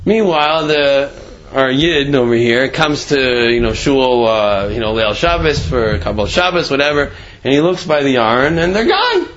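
A man's voice: medium pitch, sing-song, moderate pace, a bit bright, highs cut off. A man casually telling a religious tale in a rambling way, with many "you know"s. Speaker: storyteller.

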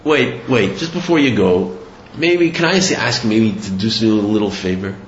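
A man's voice: lowish voice, moderate pace, echoey room, highs cut off, slight background noise, close to an everyday voice. A man voicing a poor, clever traveler who pleads and wheedles in a told story. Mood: pleading.

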